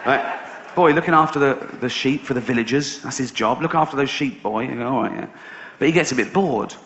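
A man's voice: medium pitch, a little fast, a bit bright, dull audio. A middle-aged man doing a stand-up routine, telling a story sardonically and swearing casually. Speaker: stand-up comedian. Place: live stage show.

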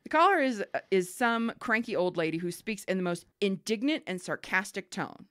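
A woman co-hosting a podcast, reading listener emails aloud and telling stories in a lively, swearing, laughing way. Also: medium pitch, moderate pace, few pauses, no echo, clean studio sound. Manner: animated storyteller, swears freely, laughs often. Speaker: podcast co-host.

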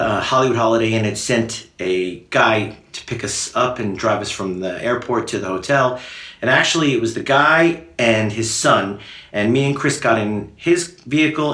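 A band member telling stories in a relaxed, rambling documentary interview. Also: male voice, medium pitch, roomy sound. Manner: rambling storytelling with fillers.

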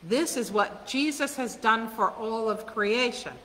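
A woman pastor preaches slowly and earnestly, her voice bright and clear. She poses questions to the congregation and laughs softly now and then. Her words ring in a long church reverb over a faint hiss. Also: on the high side. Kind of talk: sermon. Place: church sanctuary.

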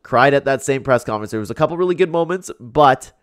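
A man's voice: mid-range voice, animated, fast talker, a crowd in the background. A young man, a YouTube commentator, reacting to fight clips in casual chat, laughing often and filling his talk with "like". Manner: chatty, laughs often, lots of "like".

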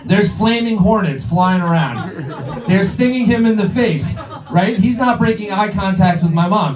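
A man's voice: sits high, lively intonation, normal speed, a faint crowd. A young man doing a stand-up routine on a comedy club stage, crude and rambling with lots of filler words. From Long Island, New York. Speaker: stand-up comic. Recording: roomy club sound, heard from a distance.

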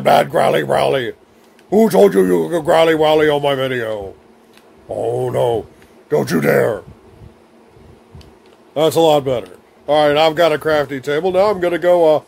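A man's voice: fairly high pitch, vocal fry, a little mellow. A young man hosting a silly comedic game playthrough, babbling in baby talk and rhyming nonsense words as he plays. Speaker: gaming video host. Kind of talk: silly comedic let's-play commentary.

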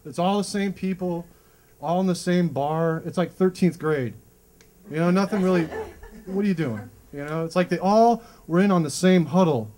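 A man from Cleveland doing a stand-up comedy set on a club stage, telling stories in an animated way. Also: normal speed, a little hiss or hum. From Cleveland, USA. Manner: animated, storytelling, swings in pitch.

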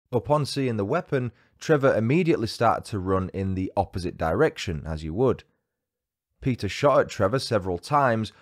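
A man's voice: fairly low pitch, darkish tone. A man hosting a true crime podcast, reading a scripted story with dry, wry asides.

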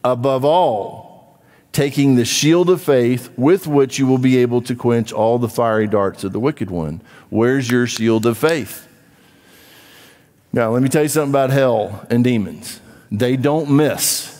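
A man preaching a sermon as pastor, emphatic, dropping to low asides and rising to loud urging. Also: measured pace, long reverb tail. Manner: emphatic, swings from low asides to raised exhortation. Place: church.

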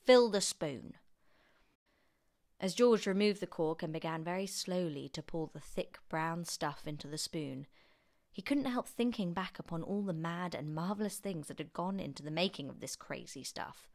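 A woman reading a children's book aloud as an expressive storyteller. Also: on the low side, normal speed. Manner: expressive, animated narration.

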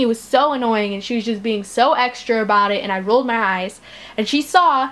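A teenage girl casually retelling a school story, chatty and animated, acting out the quotes with exasperation. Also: fairly high pitch, a little fast. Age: teens.

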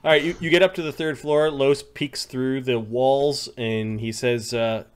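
A man's voice: mid-range voice, steady tone, measured pace, hardly any pauses, smooth. A man narrating a tabletop game as game master, describing scenes with frequent ums and restarts.

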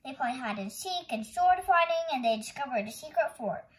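A woman hosting storytime, reading a picture book aloud in a gentle, expressive way. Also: sits high, moderate pace, low-quality recording. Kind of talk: children's read-aloud narration.

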